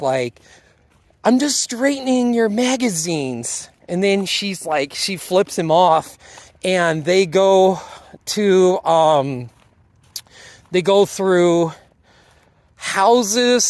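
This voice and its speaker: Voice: mid-range voice, dry recording. A casual speaker loosely retelling a TV episode, acting out the characters' lines and sometimes losing the thread. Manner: drifts and loses the thread. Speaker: video reviewer. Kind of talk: casual spoken episode recap.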